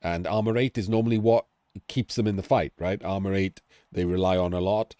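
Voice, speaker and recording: This middle-aged commentator speaks briskly in a low, steady, mellow voice while analyzing a game. He's chatty and rambling, regularly breaking off mid-sentence to begin again, in a studio-quality recording with no echo.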